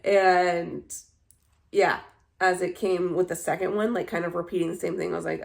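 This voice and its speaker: A woman's voice: lowish voice, steady tone, moderate pace, creaky. A young adult woman chatting casually on her vlog, telling dating stories in a candid, blunt way and swearing freely. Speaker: vlogger. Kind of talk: casual chat.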